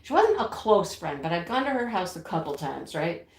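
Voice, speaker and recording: A woman's voice: lowish voice, big pitch swings, moderate pace, reverberant. A woman in her sixties hosting a live stream, chatting casually and reminiscing with viewers, laughing often and breaking into bits of song. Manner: chatty, nostalgic, laughs often, sings snippets. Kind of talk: casual chat reading viewer comments.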